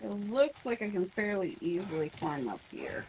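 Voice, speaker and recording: Animated woman narrating her gameplay. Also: lowish voice, normal speed, a little hiss or hum, rough recording. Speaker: streamer. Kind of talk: casual gameplay chat.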